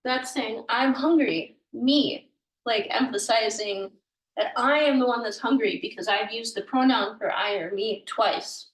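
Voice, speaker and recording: A woman teaching a language lesson, explaining grammar patiently and sounding out words slowly, sometimes correcting herself. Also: on the high side, distant mic. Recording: echoey room, voice a bit off mic.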